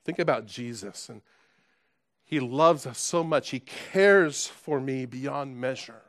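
A man's voice: medium pitch, takes it slowly, fairly bright tone, no echo, clean studio sound. A man preaching a sermon in an earnest, emphatic way, asking his listeners rhetorical questions. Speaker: pastor.

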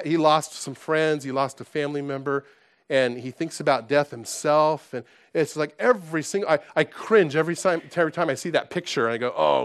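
Past college age, a pastor with a voice a little on the high side gives his sermon. He's lively and conversational, restarting frequently while alternating quiet asides with loud exclamations.

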